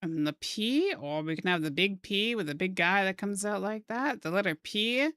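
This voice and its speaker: Clean studio sound with no room echo captures a young woman's bright, mid-range voice, lively in intonation and at normal speed. She's streaming while she draws, chatting casually and joking around. Her manner is playful, full of goofy wordplay and silly put-on phrases.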